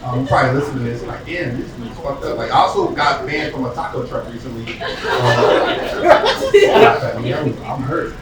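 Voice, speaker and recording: A man's voice: mid-range voice, sing-song, moderate pace, over a noisy crowd. A man from the US East Coast doing a profane, conversational stand-up set and acting out characters. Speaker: stand-up comedian. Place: comedy club stage with live audience. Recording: distant echoey club recording with audience noise.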